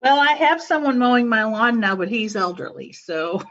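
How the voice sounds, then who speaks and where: A woman in casual podcast chat, joking in a dry, deadpan way. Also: on the high side, moderate pace, muffled recording, a little hiss or hum.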